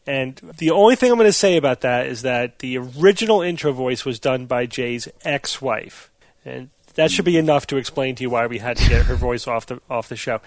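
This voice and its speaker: A man's voice: medium pitch, expressive, brisk, dry recording. A middle-aged man hosting a podcast panel, easygoing and laughing often. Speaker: podcast host.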